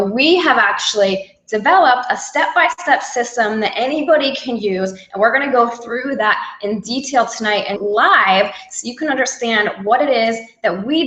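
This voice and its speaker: A woman's voice: fairly high pitch, a bit bright, reverberant, poor audio. A woman co-hosting a live online sales webinar, upbeat and persuasive, repeating key points for emphasis. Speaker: webinar co-host.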